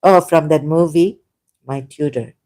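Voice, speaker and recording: Mellow, medium-pitched, and a little slow, the voice belongs to an ex-Muslim vlogger who isn't a native English speaker. Reading an article aloud, she drifts into rambling remarks, hesitates, corrects herself, laughs quietly and often, and sounds sore from a recent cough.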